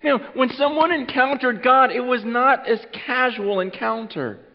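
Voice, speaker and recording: High-voiced man preaching in an echoing hall. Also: normal speed. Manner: earnest, repeats words, swings from loud urging to hushed. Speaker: pastor. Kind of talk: Christmas Eve sermon. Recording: muffled sound with long hall reverb.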